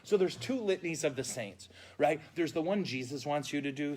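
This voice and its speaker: A man's voice: on the high side, a little fast, hardly any pauses. A man who is a priest, telling funny stories in a casual catechesis talk with mock outrage. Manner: animated, comic storyteller with mock outrage. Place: indoors at a funeral home, live stream.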